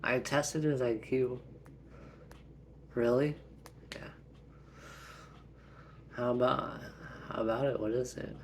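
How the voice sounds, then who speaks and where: A man acting out a family story as the father, talking in a gentle, unhurried way. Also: mid-range voice, steady tone, slight background noise. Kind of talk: family role-play storytelling.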